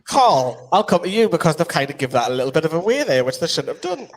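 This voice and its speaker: A man's voice: fairly high pitch, sing-song, fast talker. A man with a Geordie accent hosting a casual live quiz, chatty and explaining the rules at length. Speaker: quiz host.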